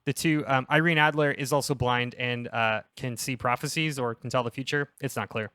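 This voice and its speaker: A young man on a casual comedy podcast, pitching a story in a rambling, self-interrupting way and laughing at his own jokes. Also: steady tone, a little fast, pushed and bright, clear, resonant tone, no room sound, studio quality.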